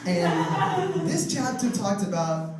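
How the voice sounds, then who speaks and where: A man doing stand-up, telling comic stories in an animated way and laughing through his jokes, with mock voices for the people he quotes. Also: high-pitched, slow, a crowd in the background. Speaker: stand-up comedian. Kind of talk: stand-up storytelling. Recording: distant mic, echoey room, noisy.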